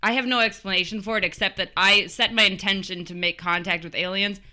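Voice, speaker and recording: A young woman with a very bright, ringing voice tells a spooky story on a podcast, animated and quick to laugh. Her pitch sits in a middle range for a woman. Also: a little hiss or hum. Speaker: guest storyteller. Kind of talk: casual storytelling chat.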